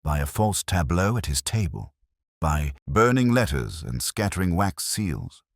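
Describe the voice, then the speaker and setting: A man playing a Victorian detective who speaks in a cold, cutting, measured way. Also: deep voice, big pitch swings, vocal fry, no room sound, clean studio sound, full character voice. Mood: accusing.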